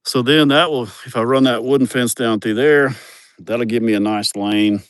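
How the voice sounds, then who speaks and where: A man's voice: medium pitch, normal speed, no echo, studio quality. A man, giving a crude, joking, rambling livestream tour of his farm, outdoors on a phone camera. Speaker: vlogger showing his farm. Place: outdoors on rural farmland.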